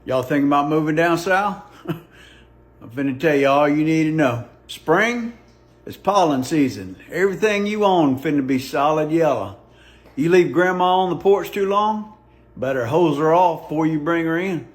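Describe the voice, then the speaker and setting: A man's voice: on the high side, animated, normal speed. A man doing a wry, laid-back stand-up monologue. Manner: laid-back, wry, chuckles between jokes. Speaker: comedian.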